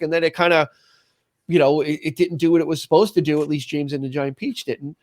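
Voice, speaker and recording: A man in casual podcast chat, talking in halting bursts with many restarts. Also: on the high side, fairly even intonation.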